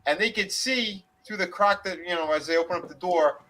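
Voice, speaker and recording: A man's voice: high-pitched, fairly quick, bright, forceful tone, low-quality recording. A man casually retelling a backstage story on a wrestling discussion podcast, swearing freely and slipping into quoted voices. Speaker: podcast co-host.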